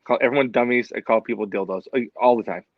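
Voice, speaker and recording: Halting, rambling man on a dull mic. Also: mid-range voice, no room sound. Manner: rambling, halting, casual swearing. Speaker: podcast co-host. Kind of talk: casual chat.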